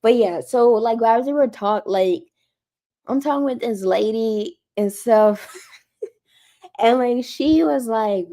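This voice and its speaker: A woman's voice: fairly high pitch, measured pace, mellow. A woman chatting casually on her own livestream, retelling a conversation with lots of "like" fillers. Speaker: Christian livestreamer.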